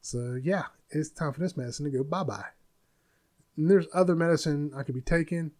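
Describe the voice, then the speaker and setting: A man's voice: a little high, fairly quick, darkish tone. A man in his forties hosting a podcast, venting bluntly in a casual monologue. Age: 40s. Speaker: podcast host.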